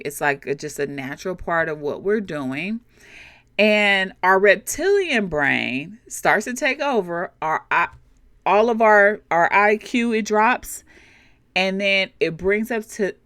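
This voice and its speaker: Animated woman coaching listeners, dry sound. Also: mid-range voice, dry recording. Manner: animated, conversational, addresses listeners directly. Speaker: leadership coach and podcast host. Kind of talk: coaching podcast monologue.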